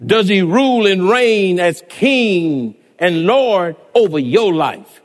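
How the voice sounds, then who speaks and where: A middle-aged male pastor preaching a sermon in a rhythmic cadence that builds into shouted climaxes. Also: high-pitched, animated, slow, long reverb tail.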